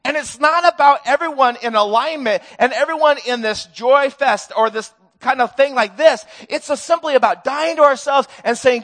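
A man's voice: very high voice, moderate pace, hardly any pauses, fairly bright tone. A middle-aged man preaching a sermon to his church, earnest and conversational, with touches of self-deprecating humor. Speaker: pastor. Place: church sanctuary.

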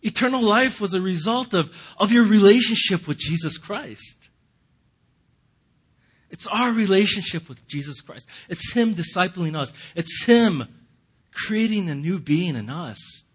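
A man's voice: sits high, expressive, unhurried, slightly rough. A man giving a casual, conversational sermon, often chuckling and restarting his sentences. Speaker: pastor.

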